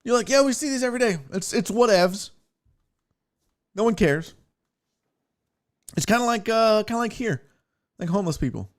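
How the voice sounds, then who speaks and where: Animated, swearing young man telling stories. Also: high-pitched, normal speed, pauses often. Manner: profane, animated, acts out quotes. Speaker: podcast host. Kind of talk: casual storytelling.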